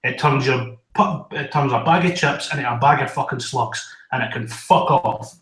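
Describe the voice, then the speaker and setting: A man's voice: medium pitch, moderate pace, fairly bright tone, far from the mic. A man, a podcast guest ranting in sweary comic banter. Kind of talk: casual podcast chat. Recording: echoey room.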